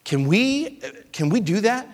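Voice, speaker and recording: A man preaching a sermon as pastor, passionate and repetitive, swinging between loud appeals and hushed, soft passages. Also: sits high, big pitch swings, measured pace, long reverb tail. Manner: impassioned, repetitive preaching with rising and falling intensity.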